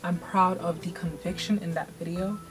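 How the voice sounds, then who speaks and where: A woman's voice: fairly low pitch, fairly even intonation, normal speed. A woman giving an earnest, encouraging reflective voice-over about her own vlog. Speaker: vlogger. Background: soft guitar music.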